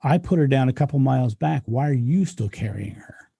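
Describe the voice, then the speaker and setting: A man voicing a calm old male teacher monk who answers with a plain, quiet question. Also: medium pitch, a little fast, vocal fry, slightly rough, dry recording.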